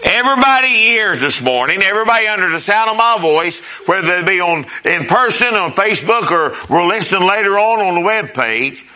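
A male pastor delivers an emphatic sermon, swinging up and down as he repeats his points. His voice sits a little high and sounds very bright and ringing. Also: expressive, fairly quick, few pauses. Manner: emphatic preaching, rising and falling with repeated phrases.

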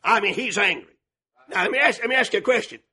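A man preaching a sermon, folksy and fervent, dropping to a hush and then rising to a shout. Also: high-pitched, lively intonation, fast talker, husky. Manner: fervent, swings from hushed to shouting; folksy, calls out to the congregation.

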